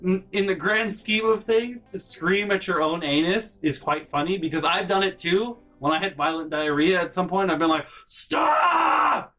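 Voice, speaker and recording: A man's voice: sits high, moderate pace, few pauses, distant mic, soft background music, rough recording. A man telling a comedic story from his life, rambling and swearing freely. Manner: profane, rambling, animated. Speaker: channel host, storyteller.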